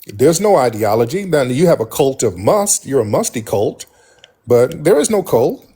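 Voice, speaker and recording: A man's voice: mid-range voice, sing-song, moderate pace, dark tone, husky. A man hosting a livestream call-in debate, combative and repeating pointed questions at a caller. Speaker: livestream host.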